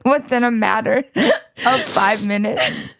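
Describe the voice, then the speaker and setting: A woman's voice: a little high, a little slow, vocal fry. A woman co-hosting a podcast, retelling a story in a casual chat, laughing often and swearing freely. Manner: laughing, profane, animated retelling. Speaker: podcast co-host.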